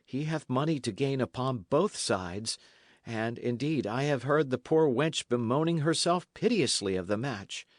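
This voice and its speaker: A man voicing a timid, gentle young runaway who pleads softly and anxiously in an old-fashioned storybook tale. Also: medium pitch, animated, measured pace, no room sound, clean studio sound, pitched above the performer's own voice. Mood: pleading. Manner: soft, anxious, imploring.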